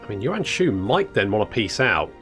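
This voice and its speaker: A man's voice: on the low side, very animated, normal speed, a bit bright, soft background music. A man casually commentating a strategy game, wry and chatty, swearing now and then and restarting his sentences. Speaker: gameplay commentator. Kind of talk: casual let's-play commentary.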